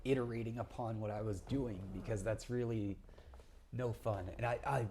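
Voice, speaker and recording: A man's voice: lowish voice, fairly even intonation, normal speed, dark tone, slight background noise. A young man talking casually to the camera, chatty and full of ums and restarts. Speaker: vlogger doing a design challenge.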